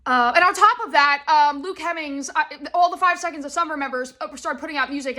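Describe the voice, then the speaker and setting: A young woman hosting a podcast, telling stories in a rambling, animated way and acting out the quotes. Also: high voice, brisk, hardly any pauses. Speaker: podcast host. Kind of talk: casual chat.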